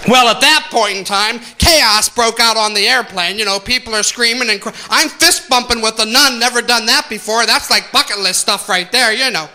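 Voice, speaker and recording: A man's voice: extremely high pitch, moderate pace, pushed and bright. A man doing stand-up comedy on a theater stage, telling exaggerated stories and making asides to the audience.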